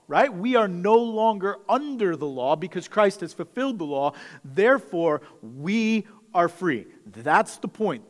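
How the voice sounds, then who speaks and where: A male pastor preaching in a church sanctuary, voice a bit higher than most men's. He leans hard on repeated phrases and mixes in relaxed, chatty asides. The sound carries a long reverb from the hall. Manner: emphatic, repeats key phrases, conversational asides. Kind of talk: sermon.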